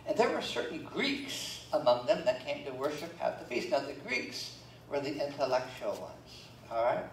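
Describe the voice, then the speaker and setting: Picked up from far off amid the sanctuary's spacious echo and soft room noise, this pastor talks at a normal speed and medium pitch, his voice swinging widely up and down. He reads from scripture during his sermon and adds homespun jokes along the way.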